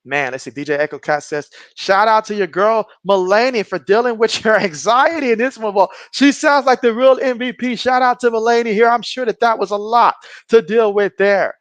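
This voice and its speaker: A man's voice: high-pitched, moderate pace, no room sound. A man hosting a live sports stream, calling the game and reading viewer comments aloud in casual chat. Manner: reads viewer comments aloud, excitable on big plays. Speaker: live stream host doing play-by-play.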